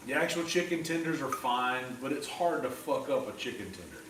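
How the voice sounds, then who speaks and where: A man's voice: mid-range voice, lively intonation, moderate pace, a bit bright, recorded from a distance. A man hosting a cooking livestream, chatting casually in a rambling, opinionated way and swearing freely. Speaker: streamer host. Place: indoor kitchen. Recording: roomy, off-mic, faint background hum.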